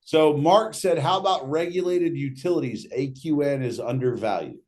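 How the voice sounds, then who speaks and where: A man's voice: a little high, normal speed, darkish tone. Joking man reading out viewer questions. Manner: loose, joking, reads questions aloud. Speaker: host reading audience questions. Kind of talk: casual livestream Q&A.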